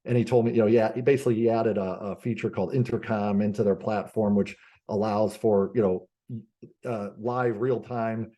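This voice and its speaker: A man's voice: lowish voice, steady tone, normal speed, mellow. A man being interviewed as a business coach, telling stories animatedly with lots of fillers and restarts. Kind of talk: conversational podcast interview.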